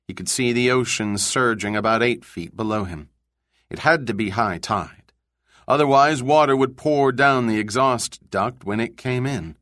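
Male audiobook narrator, mid-pitched, steady and even, close and dry. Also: no room sound. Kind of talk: scripted narration.

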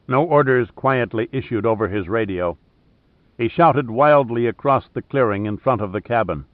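A man narrating a thriller audiobook in a steady, measured way. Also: mid-range voice, no echo. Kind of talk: scripted narration. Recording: dry, tinny phone-like sound.

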